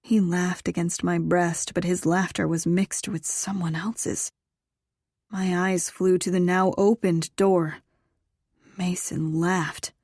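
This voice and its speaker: A woman narrating a first-person audiobook in an unhurried, intimate way. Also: on the low side, level tone, a little mellow, no room sound, studio quality.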